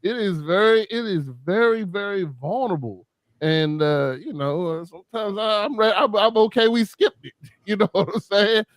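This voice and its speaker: A man co-hosting a casual chat, halting and repeating himself as he speaks candidly. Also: high-pitched, no room sound. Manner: hesitant, repeats words, candid and confessional. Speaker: podcast co-host.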